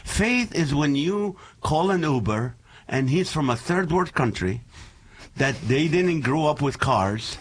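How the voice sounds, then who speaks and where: A man in his forties, a comedian guest on a chat show, who talks in an animated, joking way. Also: a little high, measured pace, breathy edge. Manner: animated and joking, laughs often. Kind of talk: casual chat with comic bits.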